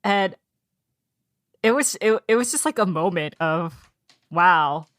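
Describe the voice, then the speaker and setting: A woman with a slightly low voice talks through a book in relaxed podcast chat. She often slips into quoted lines from the characters. The sound is dry and close to the mic. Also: slow, no room sound. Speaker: podcast co-host. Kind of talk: casual book club chat.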